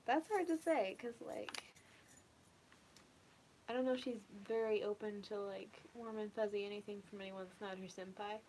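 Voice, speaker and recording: A young woman talks softly and casually, rambling a little and often dropping into a near whisper. Her voice sits at an ordinary pitch for a woman. A faint hiss of background noise stays under her voice. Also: moderate pace. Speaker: ASMR streamer chatting with viewers. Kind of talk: casual soft-spoken chat.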